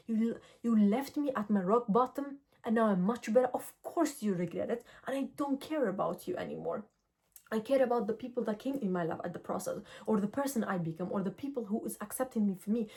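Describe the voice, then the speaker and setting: A young adult woman vlogging straight to camera, giving earnest, direct self-help talk and telling everyday stories with energy. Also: mid-range voice. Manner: earnest, direct, lively storytelling. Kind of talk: casual motivational talk to camera.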